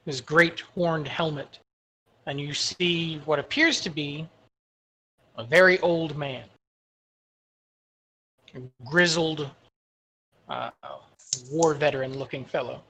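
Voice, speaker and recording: A man narrating a tabletop fantasy game as game master, unhurried and descriptive, with fillers. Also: on the high side, fairly bright tone, poor audio.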